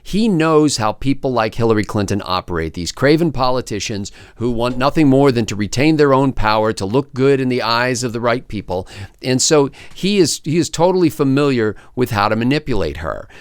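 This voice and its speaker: A man as a panelist on a political talk show, reasoning aloud in a measured way. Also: medium pitch, animated, clear, resonant tone, dry recording, studio quality. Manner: measured, thinks aloud with fillers.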